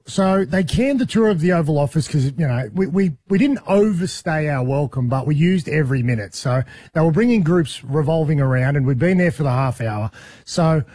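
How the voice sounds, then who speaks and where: An Australian man spins a long, rambling yarn on a talk show, laughing as he goes. His voice sits a little high and sounds husky. The sound is dry and close. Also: expressive, moderate pace, warm tone, no echo. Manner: rambling storyteller, laughs through his tale. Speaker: radio show regular reporting from abroad. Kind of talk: casual chat.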